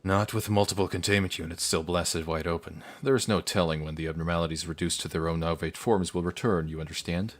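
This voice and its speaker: A man's voice: low-pitched, steady tone, fast talker, few pauses. A man reading a stern, lecturing manager.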